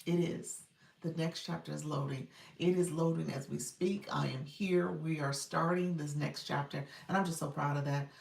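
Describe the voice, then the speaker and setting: This middle-aged coach chats casually with her live-stream audience from a room at home, laughing a lot as she reads their comments out loud, with a child audible nearby. She speaks at a moderate pace in a low, creaky voice with fairly level intonation. Recorded from a distance and off-mic, the sound is roomy.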